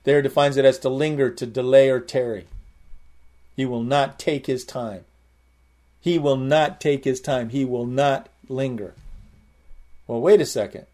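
A man's voice: medium pitch, measured pace, long pauses, warm tone. A man preaching a sermon, explaining Greek words and repeating key phrases with emphatic rises. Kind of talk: sermon with word study.

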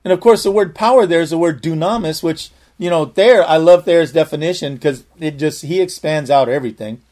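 A man's voice: fairly high pitch, brisk, darkish tone. A man preacher telling a personal testimony in a sermon, earnest and full of restarts. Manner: earnest storytelling, frequent restarts.

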